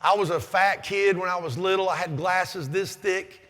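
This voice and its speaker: A man in his fifties giving a loud, forceful motivational speech at a conference. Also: sits high, fairly even intonation, normal speed. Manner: loud, forceful, self-described aggressive and over the top. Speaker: conference keynote speaker. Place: large conference hall. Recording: long hall reverb.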